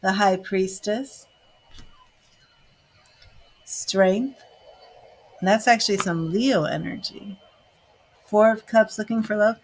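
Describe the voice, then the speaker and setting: A woman giving live tarot readings, chatting to viewers, reading their questions and turning cards, emotional and chatty. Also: medium pitch. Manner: slow, chatty, emotional, talks to viewers by name. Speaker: tarot reader and psychic.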